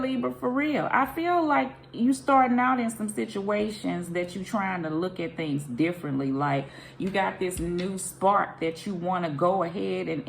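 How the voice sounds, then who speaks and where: A woman's voice: lowish voice, gravelly, a little hiss or hum. A woman gives a casual, rambling tarot reading, thinking aloud and questioning herself as she goes. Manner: rambling, intuitive, self-questioning. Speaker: tarot reader.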